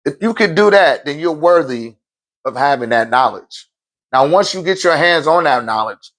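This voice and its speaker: A man's voice: medium pitch, fairly bright tone. A man who is a spiritual teacher and event host, giving a casual motivational talk, cursing freely, laughing often and restarting phrases as he goes. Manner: profane, emphatic, laughs often; repeats words while restarting phrases.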